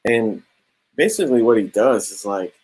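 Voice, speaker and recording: A young man talks through a comic book in a loose, slangy review. His voice sits low with a husky edge. He paraphrases the panels in a casual, unhurried way. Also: animated, a little mellow, rough recording. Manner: laid-back slangy, drops "bro" and "straight up".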